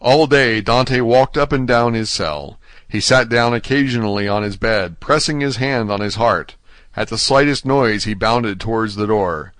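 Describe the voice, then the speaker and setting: A man narrating a classic novel as an audiobook, in a steady, even storytelling manner. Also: medium pitch, moderate pace, dry recording. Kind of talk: scripted narration.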